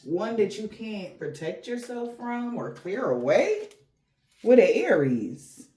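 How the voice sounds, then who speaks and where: A woman's voice: mid-range voice, sing-song, takes it slowly, warm tone, a little hiss or hum. Slangy woman giving a tarot reading. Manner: slangy, rambling, talks straight to the viewer. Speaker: tarot reader.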